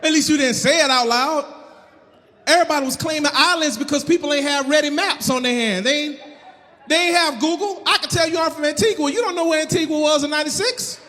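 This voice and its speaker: Male comic, 30s, loud and animated, high pitch, live stage set with hall echo. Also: quick pace. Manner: loud, shouting, animated storytelling. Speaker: stand-up comedian. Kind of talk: live stand-up comedy. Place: comedy stage in Miami.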